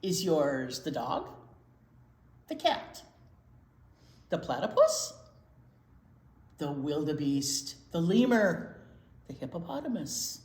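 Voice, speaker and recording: A theatrical snail who fancies himself irresistible, tossing out French flourishes, put on by a woman reading a storybook to children. His voice leaps around with lively pitch and takes its time. The room rings around him. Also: slow pace, pauses often, heavily acted. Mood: mock sad. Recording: echoey room.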